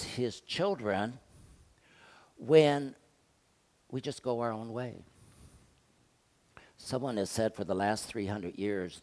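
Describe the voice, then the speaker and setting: An older man delivers a sermon from the pulpit, his voice sitting low. He talks to the congregation like a conversation, tossing out rhetorical questions. He swings between loud, pressing stretches and quiet, hushed ones. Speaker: pastor.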